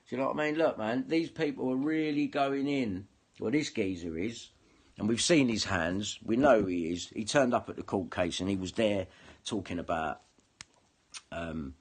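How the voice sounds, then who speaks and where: Man, husky voice, lively swinging pitch, combative sweary rant. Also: moderate pace. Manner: swearing heavily, combative, repeats himself. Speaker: online video commentator. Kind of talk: angry ranting monologue to camera.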